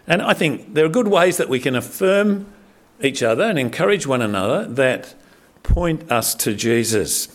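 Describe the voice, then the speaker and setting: A man's voice: medium pitch, normal speed. Middle-aged man preaching conversationally. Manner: conversational, animated preaching with frequent fillers and restarts. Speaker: pastor. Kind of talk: sermon.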